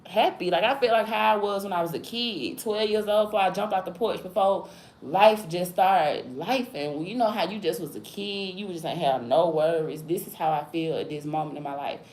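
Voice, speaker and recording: A woman's voice: on the low side, moderate pace, darkish tone. A woman in her thirties livestreaming and talking casually in slang, often asking "you feel me?". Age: 30s. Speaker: livestream host. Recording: echoey room with faint background noise.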